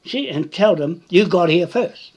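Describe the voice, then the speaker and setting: New man, husky and unhurried, swooping pitch, repetitive confrontational live-video rant. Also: lively intonation, darkish tone, lo-fi sound. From New Zealand. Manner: repetitive, confrontational, tag questions like "Hmm?". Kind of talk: rambling live-stream monologue.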